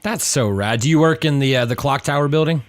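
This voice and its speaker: Male podcast host, medium pitch, upbeat, chatty, fond of a joke. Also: fairly quick, dry recording. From Pacific Northwest. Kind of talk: casual podcast chat.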